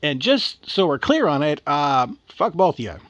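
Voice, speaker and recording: A man's voice: a little high, sing-song, moderate pace, fairly bright tone, no echo, muffled recording. A man voicing a rude, greedy, foul-mouthed male leprechaun who cusses crudely and brushes people off. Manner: crude, cussing, dismissive.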